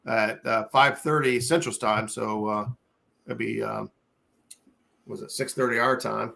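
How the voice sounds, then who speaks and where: Ohio man, gravelly-voiced host, chatty and meandering with fillers. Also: lowish voice, fairly even intonation, a little slow, sharp tone. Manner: rambling, hesitant, lots of fillers. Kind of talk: casual chat on a live stream.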